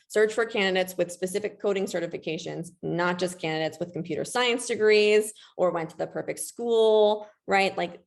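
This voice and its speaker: A woman's voice: on the low side, creaky. A woman presenting a webinar in a casual, chatty way, often saying "like" and keeping an upbeat tone.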